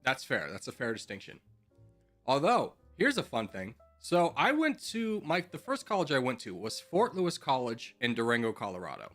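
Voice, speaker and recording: A man's voice: mid-range voice, wildly swooping pitch, normal speed, a bit bright, faint music behind. A young man chatting sarcastically while streaming a game, rambling from topic to topic. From United States. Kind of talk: casual gaming commentary.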